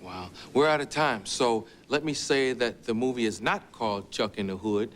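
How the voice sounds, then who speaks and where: A man's voice: mid-range voice, moderate pace. A man hosting a talk show, bantering playfully with his guest. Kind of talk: casual interview. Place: TV studio with audience. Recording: noisy studio with crowd. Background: studio audience.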